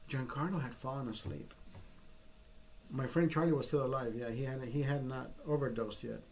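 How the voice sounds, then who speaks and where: A man's voice: mid-range voice, normal speed, slight background noise. A man telling a personal story in a casual vlog, rambling and swearing freely with frequent restarts. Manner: profane, rambling, self-interrupting. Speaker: vlogger.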